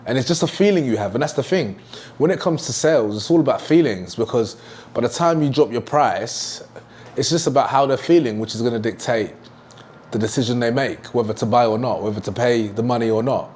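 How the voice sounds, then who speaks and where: A man's voice: mid-range voice, fairly quick, darkish tone. A young man teaching a sales lesson at a whiteboard, emphatic and repeating his key points. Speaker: sales trainer.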